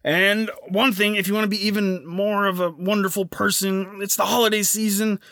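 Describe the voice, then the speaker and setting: A young man with a high, bright voice hosts a casual podcast. He rambles, fills gaps with "uh" and restarts his sentences. The sound is close and dry. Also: level tone, moderate pace, no echo. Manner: rambling, filler-heavy, self-interrupting. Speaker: podcast host.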